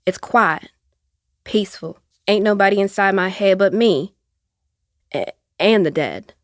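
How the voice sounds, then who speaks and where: An actress with an Appalachian accent playing an elderly aunt who sees the future, speaking in a slow, soft, folksy drawl. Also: female voice, medium pitch, no echo, clean studio sound, close to an everyday voice. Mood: wistful. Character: elderly Appalachian aunt, seer, gentle and weary. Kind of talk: audio drama acting.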